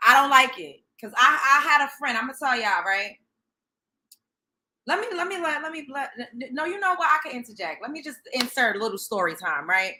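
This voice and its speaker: A woman's voice: high-pitched, expressive, fairly quick, pushed and bright. A young woman from Brooklyn, hosting a show and telling a story in a blunt, profane, sassy way. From Brooklyn, New York. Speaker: host. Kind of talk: storytelling commentary.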